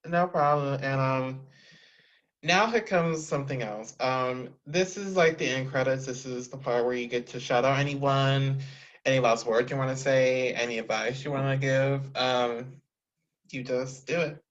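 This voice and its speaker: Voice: mid-range voice, unhurried, lo-fi sound. An interview host who talks casually and with eager enthusiasm while thanking and praising a guest. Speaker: podcast host.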